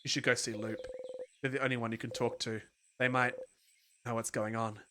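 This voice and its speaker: A streamer on a game playthrough, reading the narration dramatically in the second person, with quick asides. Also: medium pitch, little pitch movement, background noise. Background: game music.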